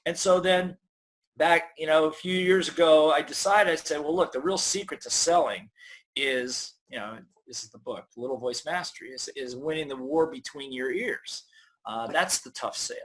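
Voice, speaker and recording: Energetic man telling stories in an interview. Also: a little high, moderate pace. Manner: energetic storyteller, acts out inner voices. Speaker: guest author. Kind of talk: conversational interview.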